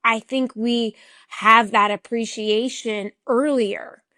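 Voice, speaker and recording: Earnest young woman, higher voice, dry sound. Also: fairly even intonation, takes it slowly, pushed and bright, dry recording. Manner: earnest, reflective, many "you know" and "like" fillers. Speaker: podcast guest, chronic illness advocate. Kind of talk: candid conversational interview.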